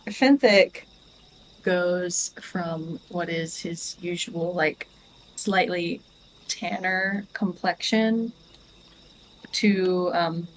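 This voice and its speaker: A woman narrating as game master in a tabletop game, unhurried and halting. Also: lowish voice, fairly even intonation, a little hiss or hum, low-quality recording.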